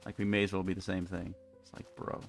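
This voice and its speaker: A young man chats on a game live stream in a deep, gravelly voice. He rambles wryly and keeps restarting his sentences. Soft music plays in the background. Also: monotone, fast talker. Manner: rambling, wry, frequent restarts. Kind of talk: casual live-stream chat. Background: faint music.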